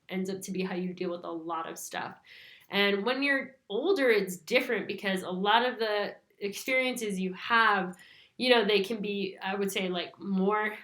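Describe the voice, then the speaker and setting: A woman's voice: mid-range voice, a bit bright. A young woman hosting a spiritual talk, rambling casually with lots of "like" fillers. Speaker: spiritual channel host. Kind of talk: casual spoken monologue. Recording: echoey room.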